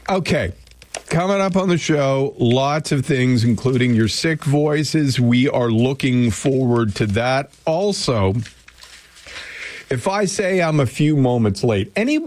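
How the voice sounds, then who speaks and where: A man's voice: mid-range voice, a little mellow, no echo. A male radio host chatting casually on air, rambling and joking, often stopping to restart his thoughts. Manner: rambling, self-interrupting, joking. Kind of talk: casual morning radio chat. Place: radio studio. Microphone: studio microphone.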